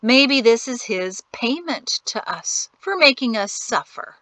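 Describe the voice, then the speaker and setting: A woman plays a smug, greedy rich man in an audiobook, his tone syrupy and condescending. The voice is bright and a little high, recorded close and dry. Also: expressive, a little slow, no echo. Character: greedy wealthy man, sickly sweet and smug.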